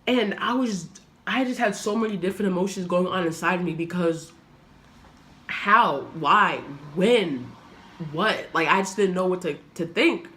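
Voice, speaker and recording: Earnest young woman telling a personal story. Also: fairly low pitch. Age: young adult. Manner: earnest, halting, reflective. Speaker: vlogger.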